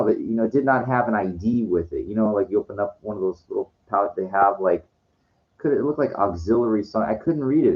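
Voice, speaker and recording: An older man telling a rambling, frustrated story in casual talk, swearing freely. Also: on the low side. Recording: dull lo-fi sound.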